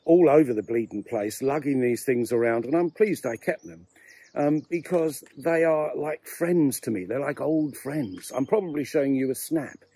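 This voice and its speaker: An English man in his sixties, out of breath from a brisk walk, rambling wryly and chattily through a vlog while strolling outdoors in a cemetery. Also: medium pitch, warm tone, breathy edge, no echo. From England. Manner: chatty, wry and self-mocking. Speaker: vlogger.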